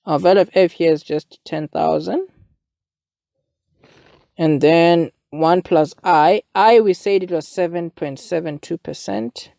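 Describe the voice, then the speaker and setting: Working through a maths exam paper as a tutor, a young man from South Africa keeps things casual and chatty, frequently checking in with "you see". His fairly high voice is gravelly and mellow, delivered unhurriedly in a studio-quality recording with no room sound.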